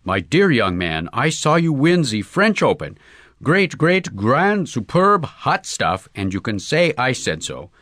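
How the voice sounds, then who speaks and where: A man voicing an excitable Russian novelist in broken English with a put-on Russian accent, effusive and exclamatory. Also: medium pitch, a little slow, dry recording, clean studio sound.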